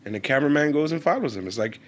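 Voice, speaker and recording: Animated young man riffing on wrestling. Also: a little high, very fast. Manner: animated, slangy, swears and laughs often. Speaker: podcast co-host. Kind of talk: casual wrestling chat.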